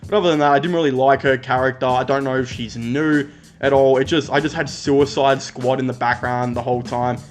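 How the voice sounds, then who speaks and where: An Australian man giving a casual, rambling movie review, blunt and quick to swear. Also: medium pitch, fairly even intonation.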